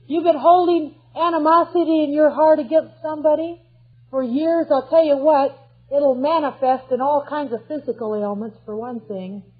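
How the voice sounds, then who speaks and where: A woman's voice: high-pitched, slightly rough. A woman preaching a sermon in an earnest, emphatic way, putting direct questions to her listeners. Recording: tinny phone-like recording.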